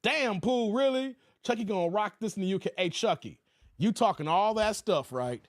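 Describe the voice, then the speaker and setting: A high-pitched man hosts a casual livestream, reading donor messages and joking with his chat. His voice sits close and dry, with no room sound around it. He laughs often and keeps it loose and playful. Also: lively intonation, moderate pace, dry recording. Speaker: livestream host.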